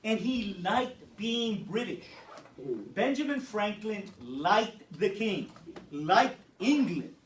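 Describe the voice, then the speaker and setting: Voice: medium pitch, animated, slow, slight background noise. A teacher giving a conversational classroom history lesson, often checking in with the class. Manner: conversational, explaining and checking in with "okay?". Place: echoey classroom. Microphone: far-off camera mic. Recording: roomy, distant classroom recording.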